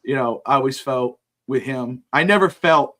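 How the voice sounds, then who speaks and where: Bright-voiced man in casual chat. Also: medium pitch, normal speed. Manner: emotional, rambling, swearing, laughing often. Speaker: podcast co-host.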